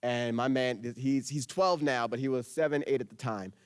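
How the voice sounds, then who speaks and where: A man in his thirties performing spoken-word poetry, telling stories in an animated, self-interrupting way and often laughing. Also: mid-range voice, normal speed, clear, resonant tone, no echo, studio quality. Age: 30s. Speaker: poet performing at a school writers' week.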